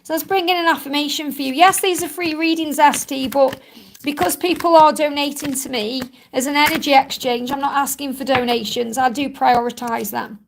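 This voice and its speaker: A woman's voice: sits high, creaky, a little hiss or hum, poor audio. A woman hosting a live-stream psychic card reading, chatty and reassuring, rambling with many asides.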